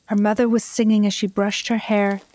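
A woman host narrating a folk fairy tale in a measured, scripted delivery, slowing at dramatic moments. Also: medium pitch, level tone, a little mellow. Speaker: host and storyteller.

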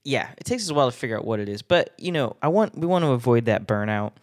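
A man's voice: mid-range voice, animated, fast. A man hosting a casual solo podcast, rambling and self-deprecating, laughing often between thoughts. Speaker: podcast host.

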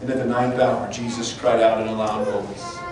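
A man preaching a sermon and reading scripture aloud, his voice climbing high and loud for the mockers and dropping low and quiet for the somber moments. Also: fairly even intonation, normal speed. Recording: distant mic in a very echoey room with faint noise.

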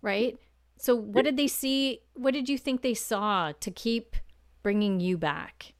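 A woman with a fairly high voice hosts a relaxed interview, speaking slowly and unhurriedly. She chimes in with playful remarks and laughs. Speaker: host. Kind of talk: casual interview.

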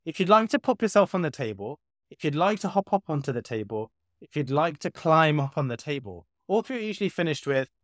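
A British woman in casual podcast chat, telling stories with a lively, swooping voice that drops to quiet asides. She is recorded dry and close. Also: sits low, fairly quick, no echo. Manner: animated storyteller, mutters asides. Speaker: podcast co-host.

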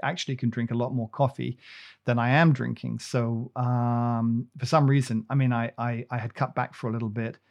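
A man talking casually as host, his sentences trailing off and restarting as he rambles. He teases his co-host in an easy, middle-pitched voice. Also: little pitch movement, normal speed, gravelly, muffled recording. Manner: rambling, many restarts, teasing. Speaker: podcast host. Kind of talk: casual chat.

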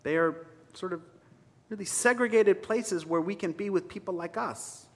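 A man's voice: sits high, normal speed. A man preaching a sermon as a minister, conversational and emphatic, with wry asides to his congregation. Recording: reverberant hall sound.

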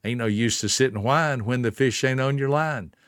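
Man, mid-pitched, earnest motivational storyteller, dry close sound. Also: moderate pace, a bit bright, no echo. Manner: earnest, emphatic, speaks directly to listener. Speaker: motivational speaker.

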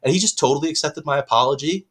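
A man co-hosting a podcast, telling a long embarrassing story with lots of swearing, his voice jumping up when he gets excited. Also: a little high, rapid-fire. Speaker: podcast co-host. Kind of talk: casual chat.

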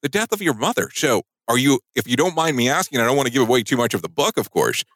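A male interview host talks emphatically and reassures his guest, often repeating phrases. His pitch rises and falls widely as he speaks. The sound is dry and close, with no room around it. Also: big pitch swings, fast, fairly bright tone, no room sound.

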